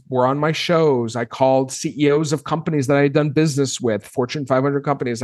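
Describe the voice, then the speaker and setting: A man in his thirties, a guest on an interview podcast, telling his story in a casual, animated way and acting out his own past reactions. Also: a little high, dry recording, studio quality.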